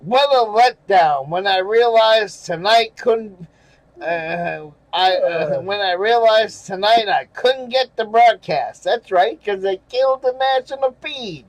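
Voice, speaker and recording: A man with a high-pitched voice talks slowly on a low-quality recording with no room sound. Hosting his channel, he reads viewer comments aloud and rants about them in angry, profane, sarcastic casual commentary, chuckling in between.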